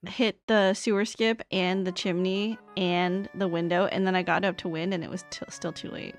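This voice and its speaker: A woman's voice: lowish voice, little pitch movement, normal speed, faint music behind. A woman streamer chatting casually with viewers while playing a game, thanking them as she goes. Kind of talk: casual live-stream chat while gaming.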